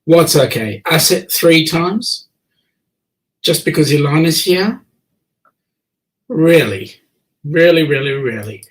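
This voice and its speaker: A chatty Australian man hosts a relaxed online chat, teasing his callers in a jokey, easygoing way. His voice sits a little high for a man. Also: slow, pauses often, rough recording. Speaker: host. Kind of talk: casual livestream chat.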